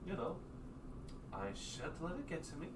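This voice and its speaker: A man's voice: fairly high pitch, huge pitch swings, moderate pace, voice pushed up. A man voicing a smug, vain doppelganger who brags about his singing, with an airy, pompous manner. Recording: roomy, distant mic with noise.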